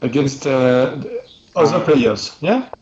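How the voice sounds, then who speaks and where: A man from France with a strong French accent, hosting a casual chess live stream in English and talking haltingly with many fillers. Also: mid-range voice, animated, a loud crowd. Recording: dull lo-fi stream audio.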